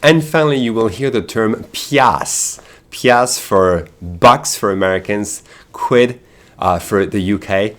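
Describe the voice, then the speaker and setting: French-accented male teacher, lowish pitch, relaxed explaining delivery for a video lesson. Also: slow. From France. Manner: chatty, explaining with many fillers and asides.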